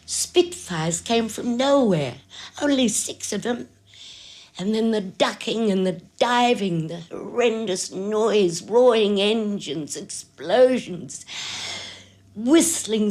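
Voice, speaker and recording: An actress playing a frail, elderly woman who speaks in a slow, measured, quietly insistent way in a film drama. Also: fairly high pitch, lively intonation. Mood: vivid recollection. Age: older. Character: frail old woman, gentle and determined. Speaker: caller to a radio show.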